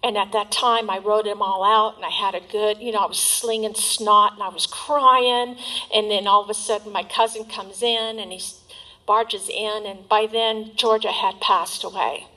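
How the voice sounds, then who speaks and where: A middle-aged woman telling her recovery story as a personal testimony, candid and emotional, with soft trailing asides. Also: medium pitch, flat delivery, moderate pace, low-quality recording.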